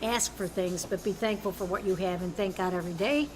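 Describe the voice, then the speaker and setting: A woman's voice: medium pitch, a little fast, a little hiss or hum. An older woman, the host's mother, chatting casually as a guest and reminiscing with laughter. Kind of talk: casual chat. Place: outdoors at a cafe drive-thru.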